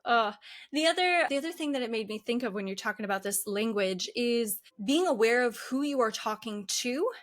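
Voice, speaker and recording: Host: woman, higher voice, thoughtful and explanatory, casual fillers. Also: expressive, fairly quick. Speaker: podcast host. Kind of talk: conversational interview.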